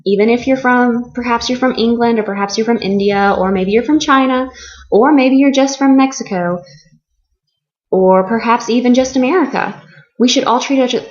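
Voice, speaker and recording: Young female ESL teacher, deliberate classroom delivery, slightly dull lo-fi audio. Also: fairly high pitch. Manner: slow and deliberate, stretching key words for learners. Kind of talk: slow, clear classroom explanation. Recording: slightly muffled lo-fi recording.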